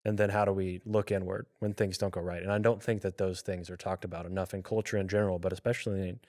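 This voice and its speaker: A male podcast host speaking in a measured, thoughtful conversational way. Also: low voice, level tone, darkish tone. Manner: measured, thoughtful, uses "you know" often. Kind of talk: reflective conversational talk.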